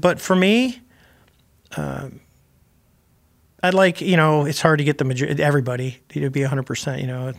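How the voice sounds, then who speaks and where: A man's voice: fairly high pitch, normal speed, creaky, pauses often. An older man, a retired Navy pilot, telling anecdotes as a guest in a casual interview, rambling with restarts and wry asides.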